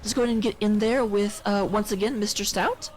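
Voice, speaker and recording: Fast-talking woman casting a live match. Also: mid-range voice, fairly even intonation, a little mellow, faint music behind. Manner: chatty, self-deprecating asides. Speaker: esports caster. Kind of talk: live play-by-play commentary.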